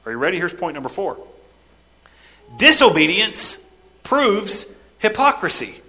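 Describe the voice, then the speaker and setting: A male pastor preaching a sermon in church, emphatic and direct, swinging between loud stressed lines and quiet, lowered ones. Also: sing-song, unhurried, rough recording. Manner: emphatic preaching, rising and dropping sharply for stress.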